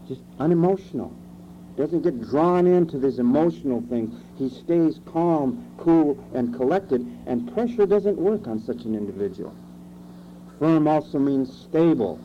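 A man preaching a sermon, emphatic, asking rhetorical questions and shifting his pace. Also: medium pitch. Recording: dull lo-fi recording with faint hum.

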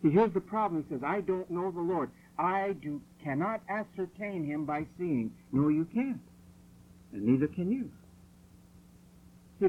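A man preaching a sermon in a church hall, insistent and forceful, driving points home through repetition. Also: on the high side, phone-quality sound, a little hiss or hum. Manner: forceful, insistent, repeats phrases for emphasis.

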